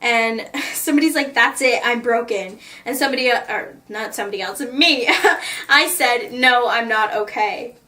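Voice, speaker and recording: A woman's voice: a little high, normal speed, bright, forceful tone, far from the mic. A woman vlogger chatting in a gushing way about the notes she wrote in a book, often laughing. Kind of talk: casual chat, reading out her notes.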